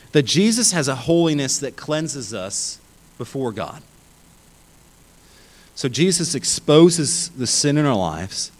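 In a low-quality recording, a male pastor with a mid-range voice preaches in an animated, emphatic yet conversational style. His pitch rises and falls widely, and he frequently stumbles and restarts his phrases.

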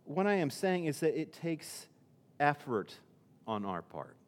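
A man's voice: fairly high pitch, very animated, unhurried, long reverb tail. A male pastor preaching a sermon in a conversational way, often restarting his sentences and using fillers.

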